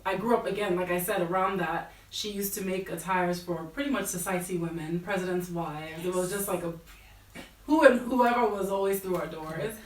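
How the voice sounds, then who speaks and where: Speaking at a normal speed with a fairly low pitch, an American woman in her thirties appears as a guest and chats casually through her career story as a fashion buyer. She uses many fillers like "like" and "you know," in a roomy, distant recording.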